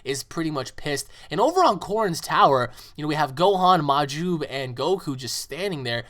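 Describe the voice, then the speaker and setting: A man's voice: fairly high pitch, animated, moderate pace, fairly bright tone. Rambling man retelling a story. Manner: rambling, filler-heavy with "you know".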